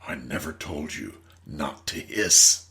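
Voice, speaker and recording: A serene old male guru speaks slowly and quietly in a deep, half-whispered voice, as a man puts him on in a told story. The voice has a gravelly rasp. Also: expressive, heavily acted. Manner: low, hushed, slow.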